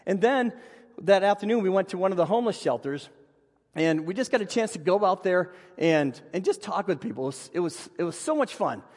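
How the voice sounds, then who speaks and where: A man with a high voice preaches from the pulpit, telling funny stories about himself in an animated way. His voice rings out with a long reverb, as in a church sanctuary. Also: brisk. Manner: animated storyteller, self-deprecating humor. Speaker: pastor. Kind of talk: sermon with personal storytelling.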